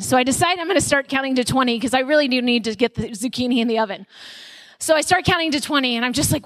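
A woman speaker giving a conversational sermon to mothers at a conference, telling personal stories with animated delivery. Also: sits high, fast talker, dry recording. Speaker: mother of young children.

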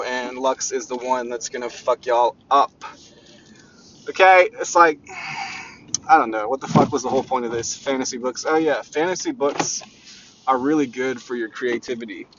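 A man's voice: mid-range voice, moderate pace, a bit bright, a little hiss or hum. A man hosting a rambling solo motivational podcast, talking in a brash, profane way. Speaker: podcast host. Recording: dull lo-fi recording.

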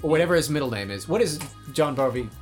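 A man's voice: a little high, lively intonation, quick pace, music in the background. A man chatting casually and brashly on a comedy podcast, swearing freely. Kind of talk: casual chat.

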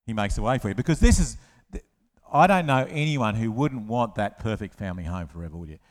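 Guy preaching to a church, animated storyteller, echoey hall sound. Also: lowish voice, a little fast. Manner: lively storytelling, acts out voices. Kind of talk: children's talk sermon. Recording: long hall reverb.

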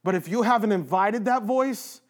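A man's voice: high voice, moderate pace. A man who leads in a church, talking earnestly and emphatically in a casual faith conversation, repeating phrases for stress. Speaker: church leader.

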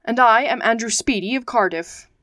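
A woman reading as a gruff, curt sea captain. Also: a little high, normal speed, fairly bright tone, no echo, clean studio sound, natural voice. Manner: curt, clipped refusals. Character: gruff blunt middle-aged male sea captain.

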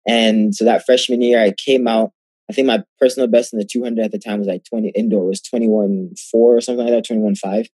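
A man's voice: lowish voice, fast, breathy edge, dry recording. A young man, a guest athlete, tells his story in a casual interview, acting out the exchanges he quotes. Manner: animated, acts out quoted exchanges.

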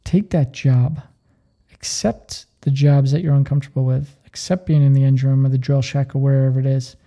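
A man hosting a podcast, telling stories with earnest energy. His voice is dark and mellow, with a gravelly fry at the edges. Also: medium pitch, flat delivery, a little fast. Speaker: podcast host. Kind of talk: motivational podcast talk.

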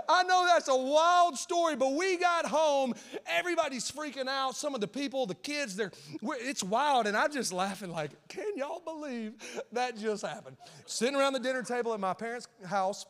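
A male pastor preaching a sermon, telling a story in an animated way, swinging from shouts to hushed asides. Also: very high voice, normal speed. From Nashville, Tennessee. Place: church auditorium. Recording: long hall reverb.

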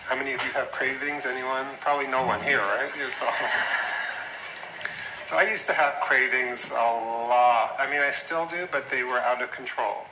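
A man's voice: medium pitch, steady tone, normal speed, reverberant, noisy background. A man teaching a class on health coaching in a casual, chatty lecture style, full of asides. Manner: conversational, chatty with asides and mimicked quotes.

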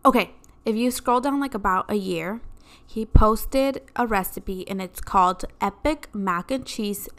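A young woman chatting on her own podcast, telling stories with lots of drama and animated energy. She acts out the other people's lines as she goes. Her voice sits at a middle pitch. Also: unhurried. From Mexican-American family. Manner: animated, dramatic storytelling with quoted dialogue. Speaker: podcast host. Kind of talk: casual solo podcast chat.

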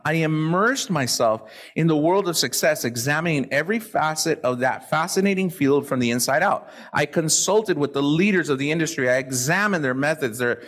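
Male motivational speaker, live talk, slightly high and very animated, salty language. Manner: animated, profane, acts out quoted people.

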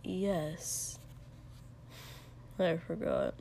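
A woman voicing a calm, reserved young man who speaks quietly and hesitantly in a storybook reading. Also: fairly low pitch, extremely slow, vocal fry, slight background noise, voice pushed down, full character voice.

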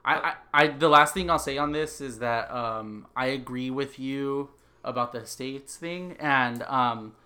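A man co-hosting a podcast, talking in a relaxed way and often agreeing. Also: medium pitch, a little slow. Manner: relaxed, frequent agreeing fillers. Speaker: podcast co-host. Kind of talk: casual political chat.

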